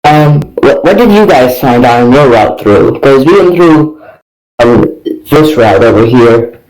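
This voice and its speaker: A man's voice: medium pitch, animated, unhurried, darkish tone, faint music behind, low-quality recording. A man playing a tabletop role-playing game, speaking tentatively and second-guessing himself. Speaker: player. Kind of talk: casual tabletop role-play.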